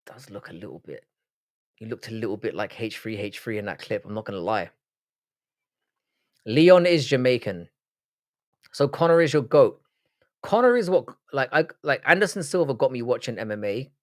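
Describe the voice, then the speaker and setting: A young Irish man with a Cork accent hosts a live stream and chats loosely with viewers. He talks bluntly and swears freely, stopping and restarting his sentences, at an ordinary mid pitch. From Ireland. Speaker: livestream host. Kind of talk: casual live-stream chat reading viewer comments.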